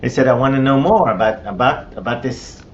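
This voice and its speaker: A middle-aged man from Israel with an Israeli accent and Hebrew as his first language, telling his personal story in a conversational way, with many restarts and fillers. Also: brisk. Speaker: interview guest. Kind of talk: personal testimony. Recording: slightly dull with faint rumble.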